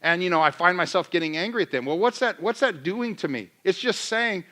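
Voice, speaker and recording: A man in middle age preaches to his church in a loose, chatty sermon style. His voice sits a little high and rings bright and forceful. He slips into playful re-enactments of his own griping to make a point. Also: brisk, hardly any pauses. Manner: conversational, self-deprecating, acts out his own rants. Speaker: pastor.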